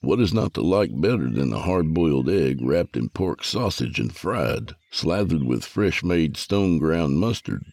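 A man narrating a first-person story with a gravelly, husky voice. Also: very deep voice, expressive, unhurried, hardly any pauses, a little mellow, no echo.

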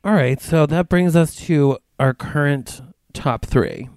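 A man with a clear, resonant, slightly high voice runs the segments of a podcast. He talks casually and loosely, with plenty of filler words. The recording is dry and close. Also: slow pace, a little mellow, dry recording. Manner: chatty, leads the segments, lots of "like". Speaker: podcast co-host. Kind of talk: casual chat.

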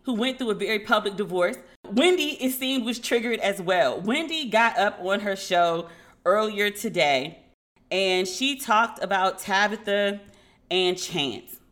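A woman hosts a casual podcast, telling frank, animated stories and swearing now and then. She acts out every back-and-forth herself, in a bright, forceful voice at a mid-range pitch. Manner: animated storyteller who acts out dialogue. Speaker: podcast host.

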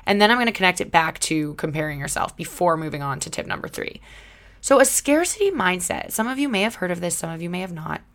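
Young woman, self-help vlogger, gravelly vocal fry, chatty and emphatic, motivational talk. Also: on the low side. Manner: chatty and emphatic, many "like" fillers.

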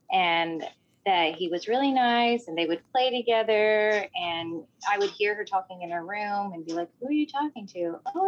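A woman telling a personal story in casual talk, animated and often saying "like". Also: on the low side, dull audio. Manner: animated, acts out voices in quotes, fills with "like".

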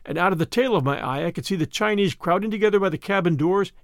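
A man reading a first-person adventure story aloud in an expressive, dramatic way. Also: high voice, fast, creaky, no echo, clean studio sound. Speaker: audiobook narrator. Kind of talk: first-person scripted narration.

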